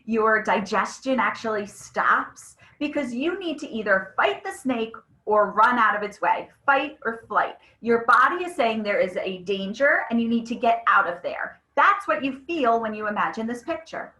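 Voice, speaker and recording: Bright-voiced woman giving a webinar talk. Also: fairly high pitch, normal speed, few pauses, echoey room, rough recording. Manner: conversational, animated storytelling with frequent "right?". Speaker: presenter of a mental health webinar. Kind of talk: live webinar presentation.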